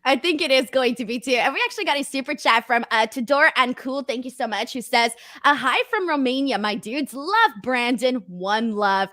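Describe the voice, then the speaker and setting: Woman, live-stream host, high voice, upbeat and chatty, dry sound. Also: moderate pace, hardly any pauses, pushed and bright, no echo. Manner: upbeat, chatty, laughs easily. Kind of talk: casual live-stream chat.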